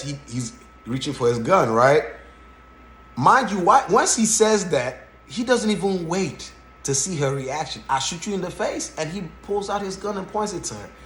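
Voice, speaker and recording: A man hosting a podcast, giving casual reaction commentary in an animated way and often checking in with "right?". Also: on the high side. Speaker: podcast host. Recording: roomy echo.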